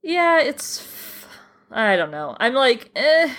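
A woman's voice: high voice, very animated, slow pace, a bit bright. A woman co-hosting a podcast, chatting casually about a TV episode with a hesitant style full of restarts. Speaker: podcast co-host. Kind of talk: casual chat reviewing a TV episode.

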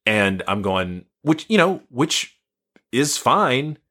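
A woman co-hosting a podcast, chatting casually about a TV episode in an animated, incredulous way and laughing often. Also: rumbling low, slow. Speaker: podcast co-host. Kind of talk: casual chat reviewing a TV episode.

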